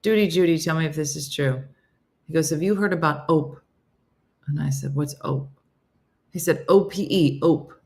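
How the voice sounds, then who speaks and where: A woman's voice: low voice, normal speed, vocal fry, long pauses, darkish tone. A middle-aged woman hosting a comedy morning show, telling stories in a chatty way and reading viewer comments aloud. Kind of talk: casual chat.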